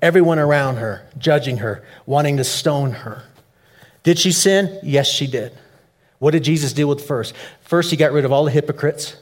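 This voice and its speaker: Animated preaching man. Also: fairly high pitch, moderate pace. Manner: animated, rising to loud emphatic peaks. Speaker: pastor. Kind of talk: sermon.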